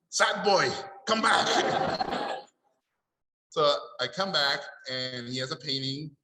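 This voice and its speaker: A man's voice: mid-range voice, reverberant, poor audio. A middle-aged man from Mexico, telling stories on a panel and acting out the people in them. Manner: animated, acts out the people in his stories. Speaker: panelist at an art event. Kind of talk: storytelling at a panel Q&A.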